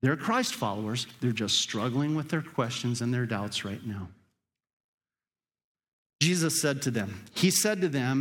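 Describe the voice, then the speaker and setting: A man's voice: medium pitch, lively intonation, measured pace, a bit bright. A man preaching a sermon as a pastor, talking straight to the congregation and building to urgent emphatic peaks before dropping back down. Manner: conversational, speaks directly to the congregation.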